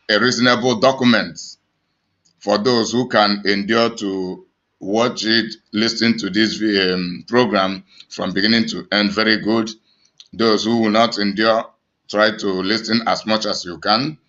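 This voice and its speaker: An evangelist who hosts a channel preaches emphatically to his online audience in a Nigerian accent, with many restarts and fillers. His lowish voice sounds pushed and bright, and the audio is dull.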